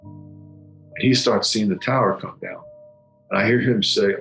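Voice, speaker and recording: A middle-aged man giving solemn personal testimony, halting and often repeating his words. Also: fairly low pitch, creaky, fairly bright tone. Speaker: former federal agent recounting a memory. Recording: echoey room with faint music.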